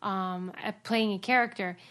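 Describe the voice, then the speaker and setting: Animated woman podcast co-host. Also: mid-range voice, moderate pace. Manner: animated, laughs often, easily annoyed. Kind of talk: casual chat.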